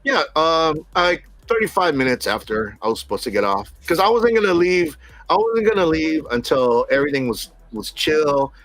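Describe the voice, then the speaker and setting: Animated middle-aged man telling a story. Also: on the high side, moderate pace, faint music behind. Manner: animated, laughs often, acts out quotes. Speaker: podcast co-host telling a work story. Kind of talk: casual storytelling chat.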